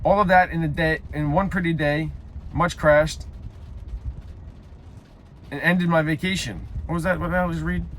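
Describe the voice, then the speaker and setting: A young man reading a story aloud haltingly, breaking off for loud self-mocking side comments. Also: a little high, steady tone, slight background noise. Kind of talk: casual read-aloud with joking asides.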